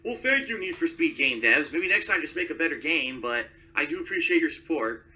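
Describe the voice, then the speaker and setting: A man's voice: a little high, expressive, fairly quick, sharp tone, far from the mic, rough recording. A man streaming live and talking to his chat, defensive and self-promoting.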